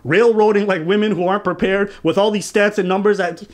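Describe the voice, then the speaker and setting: A man co-hosting a commentary show, talking casually in a mocking, animated and profane way. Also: high voice, fairly quick. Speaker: commentary channel co-host.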